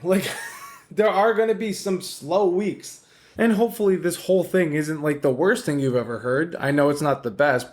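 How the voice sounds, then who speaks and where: A male podcast host carries a one-man show with a voice pitched a little higher than most men's. He wanders from point to point, swearing casually and tossing off sarcastic asides. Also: darkish tone. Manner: rambling, profane, wisecracking. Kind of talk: casual solo podcast monologue.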